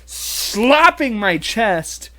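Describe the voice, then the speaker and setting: A man's voice: sits high, big pitch swings, drawn-out words, bright, forceful tone. A young man co-hosting a podcast, telling crude stories in casual chat, laughing often and filling his talk with "like". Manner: crude, laughing storyteller, full of "like". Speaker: podcast co-host.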